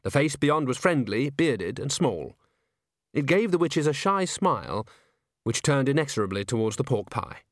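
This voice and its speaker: Reading scripted audiobook narration, a man delivers the story expressively in a medium-pitched voice at a moderate pace, captured in a dry, clean studio recording.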